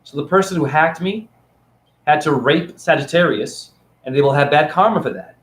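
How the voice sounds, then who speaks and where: A man ranting to camera in a rambling vlog monologue, swinging between loud outbursts and hushed asides. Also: fairly high pitch, expressive, moderate pace. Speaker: vlogger and spiritual teacher.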